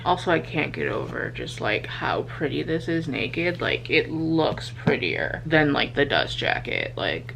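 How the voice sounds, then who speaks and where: In a low-quality recording with a bit of hiss or hum, a young woman speaks in a low, creaky voice. Vlogging on a handheld camera at home late at night, she's tired yet excitable, gushing over a book and cursing liberally.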